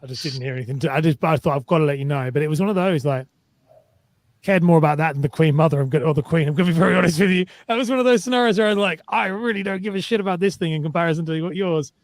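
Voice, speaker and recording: A young man co-hosting a podcast, talking sympathetically in a quick, halting way. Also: on the high side, no echo. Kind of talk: casual conversation.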